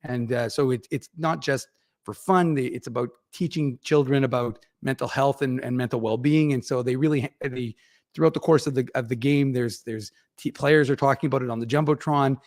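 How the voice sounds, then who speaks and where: A man's voice: medium pitch, normal speed, a little mellow, no echo, clean studio sound. A man, chatting as a regular on a hockey podcast, rambling with many fillers and restarts. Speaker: regular podcast contributor reporting on the Moose. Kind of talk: casual hockey podcast chat.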